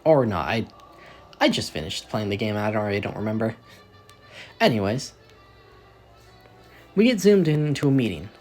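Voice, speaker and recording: A man telling his own fan story in a loose, off-the-cuff way, often stopping to correct himself. His pitch moves a lot, and quiet music plays behind him. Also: normal speed, pauses often. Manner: rambling, self-correcting, animated. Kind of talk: casual narrated fan story.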